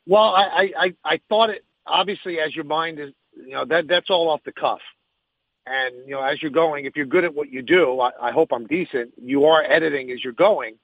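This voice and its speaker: A man's voice: fairly high pitch, normal speed, no room sound, lo-fi sound. A man who hosts sports radio, answering interview questions frankly and emphatically, thinking aloud as he goes.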